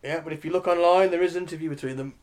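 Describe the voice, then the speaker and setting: A man's voice: on the high side, steady tone, very fast. A man co-hosting a podcast in casual chat, dry and chatty with frequent laughs. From England. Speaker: podcast co-host.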